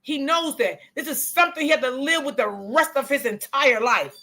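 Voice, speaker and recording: High bright-voiced profane woman streamer. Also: moderate pace. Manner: blunt, profane, outspoken, talks to chat as y'all. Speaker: live stream host reading chat. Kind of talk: casual live stream commentary.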